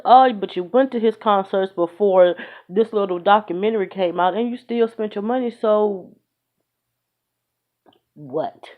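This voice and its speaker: This woman vlogger, medium in pitch, speaks at a measured pace with frequent pauses while venting a blunt, emphatic opinion into her phone. Her tone is fed-up but conversational, captured in dull, lo-fi phone audio.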